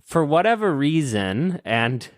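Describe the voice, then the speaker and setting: A man's voice: a little high, very animated, takes it slowly, no echo, studio quality. A man co-hosting a podcast, chatting casually in a rambling, self-deprecating way with lots of filler words. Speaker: podcast co-host. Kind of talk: casual chat.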